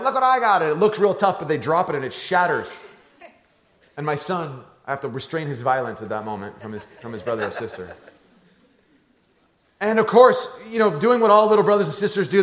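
A man preaching a sermon as a pastor, telling a family story and moving between hushed, low lines and loud, animated ones. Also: a little fast. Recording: echoey room.

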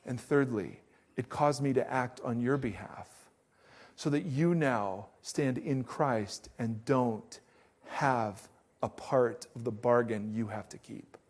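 A middle-aged man preaching a sermon as pastor, telling stories with acted-out quotes in an animated way. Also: medium pitch, takes it slowly.

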